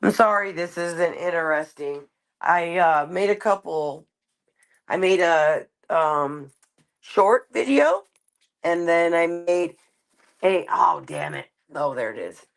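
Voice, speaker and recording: Slow, gravelly-voiced woman rambling late at night. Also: lively intonation. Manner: rambling, talks to her cat in a higher voice. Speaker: streamer. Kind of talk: casual late-night live stream chat. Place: home, kitchen.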